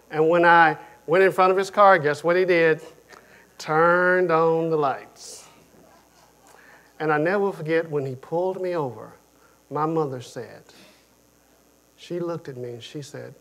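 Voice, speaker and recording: A man whose voice leans high gives a sermon, animatedly telling stories. Repetition runs through his speech, which shifts between emphatic, loud phrases and hushed ones.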